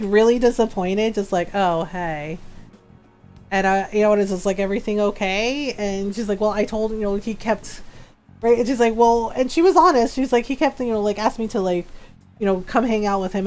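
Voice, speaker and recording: A woman game streamer in casual chat, her voice sitting at a middling pitch. She rambles through her stories with plenty of filler words and acts out the back-and-forth of the people in them. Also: fairly quick, faint music behind. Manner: animated, acts out quoted dialogue. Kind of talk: casual storytelling chat while gaming.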